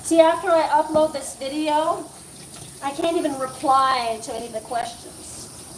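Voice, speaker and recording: Speaking a little slowly in a high, fairly even voice, a woman grooms dogs while chatting with her livestream audience and now and then cooing at the animals. She's recorded from a distance in the grooming room, with room echo and noise.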